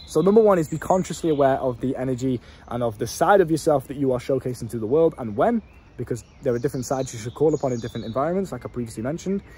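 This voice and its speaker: A man's voice: medium pitch, darkish tone, slightly rough. A young man, a self-improvement coach giving an unfiltered, passionate vlog monologue, blunt and full of swearing. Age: young adult.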